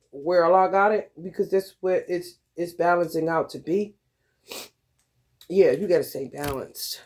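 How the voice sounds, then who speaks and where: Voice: medium pitch, darkish tone, slight background noise. A vlogger talking in a loose, profane monologue, laughing often and calling listeners honey and baby. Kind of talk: casual monologue.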